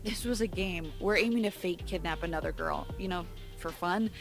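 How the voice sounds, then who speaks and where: A woman's voice: fairly low pitch, moderate pace, vocal fry, faint music behind. Woman reads a sheepish teen boy prankster in a cartoon story, pleading, nervous. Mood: apologetic. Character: flustered teenage boy prankster, apologetic.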